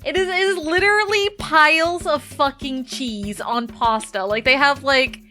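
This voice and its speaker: A woman streamer chatting casually while playing a game, telling animated stories and swearing freely. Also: sits high, measured pace, soft background music.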